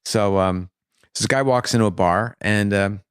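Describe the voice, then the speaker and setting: A man telling a long joke in casual conversation, halting with many fillers and restarts. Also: lowish voice, clean tone, no echo, studio quality.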